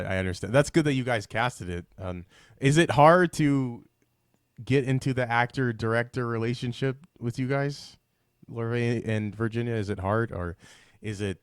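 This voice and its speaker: A man hosting a casual interview, talking in a relaxed, conversational way and asking questions. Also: on the low side, clean tone, no room sound, studio quality. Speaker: interview host.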